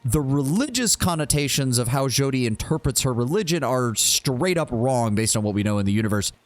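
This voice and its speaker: In casual let's-play commentary, a male streamer speaks expressively and a bit fast in a medium pitch, with soft background music and no room sound. Blunt and talkative, he curses freely and reads the game's dialogue choices out loud.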